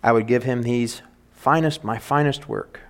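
A man reading as a gentle old cobbler. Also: mid-range voice, moderate pace, lightly acted. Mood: wistful. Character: kindly old male cobbler, humble and gentle.

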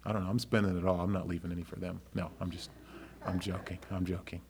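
A man preaching a sermon as a pastor, earnest and conversational, rising into loud, animated storytelling. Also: quick pace, slight background noise. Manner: acts out characters with raised pitch in anecdotes.

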